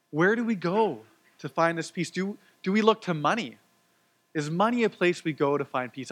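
A man, preaching a sermon and telling his own story in an earnest, conversational way, with fillers and repeated words. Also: on the high side. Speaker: pastor. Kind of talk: sermon with personal testimony.

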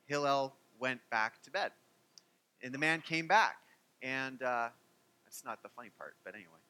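Bright-voiced joking pastor. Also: male voice, medium pitch, a little slow, long pauses, smooth. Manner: animated and joking, with many fillers. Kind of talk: sermon.

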